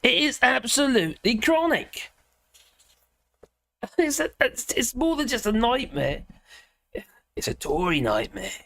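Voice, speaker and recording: Give me a hoarse British woman chatting on a live stream, her pitch swinging up and down a lot. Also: sing-song, measured pace, pauses often, a bit bright, dry recording. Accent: British English. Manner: chatty, laughs often, greets viewers. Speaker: livestream host. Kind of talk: casual political live chat.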